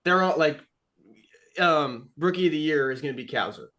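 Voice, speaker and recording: Young man telling animated baseball stories. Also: on the high side, normal speed. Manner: animated storytelling with acted-out quotes. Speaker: podcast co-host. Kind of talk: casual chat.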